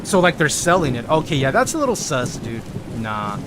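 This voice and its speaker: A man with an accent, live-streaming a game and chatting casually, reading viewer messages aloud with animated asides. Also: a little high, fairly quick, noisy background. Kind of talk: live-stream chat while gaming. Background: game music.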